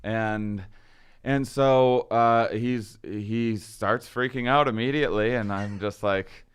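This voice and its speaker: A man's voice: fairly low pitch, steady tone, slow, clear, resonant tone. A man telling a long story in casual conversation, acting out quoted lines and laughing often. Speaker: podcast guest.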